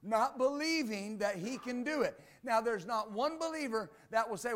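A man preaches a sermon in a high, bright register. He reads passages of scripture aloud, then breaks them down with emphatic repetition. He returns again and again to the same short phrases to drive his points home. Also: lively intonation, normal speed, few pauses. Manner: emphatic, repeats "Amen" and "believe that". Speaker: pastor.

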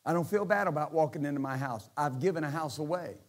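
Animated pastor preaching a sermon. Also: male voice, fairly high pitch, fast. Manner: animated, joking, swings from quiet to shouting.

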